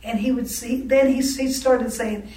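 A woman being interviewed, her voice set a touch high, and she speaks candidly, often restarting her sentences and breaking into wry laughs. She sits some way from the mic in a reverberant room. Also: steady tone, warm tone. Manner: candid, halting with frequent restarts; laughs wryly between remarks. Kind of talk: oral history storytelling. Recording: roomy sound from a distant mic.

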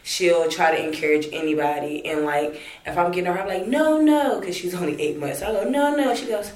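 A young woman with a lowish voice tells family stories in a casual interview. She laughs often and jumps higher when she acts out what others said. The room around her echoes. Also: steady tone, a little fast. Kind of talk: casual storytelling.

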